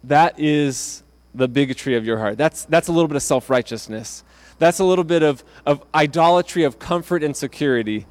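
A man's voice: a little high, fairly quick. A man preaching a sermon in a conversational way, often restarting phrases and acting out quotes from the text. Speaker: pastor.

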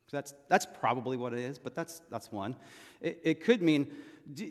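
A man from California preaches as pastor, his medium-pitched voice expressive and a little slow. His sermon unfolds like casual storytelling, peppered with asides and rhetorical questions to the congregation, all echoing with the long reverb of a large hall.

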